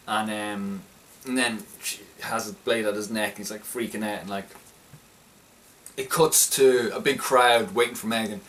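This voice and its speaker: A man's voice: on the low side, steady tone, moderate pace, a bit bright. A young man casually recapping a film he liked, rambling and often restarting his sentences with enthusiasm. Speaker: film reviewer. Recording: slightly distant mic, faint background noise.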